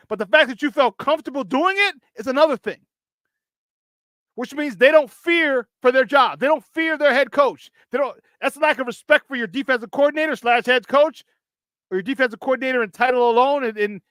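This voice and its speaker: A high-pitched man hosting sports talk radio. He rants in a heated, emphatic way and hammers his points home with repetition. The sound is dry and close. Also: brisk, bright, forceful tone, dry recording.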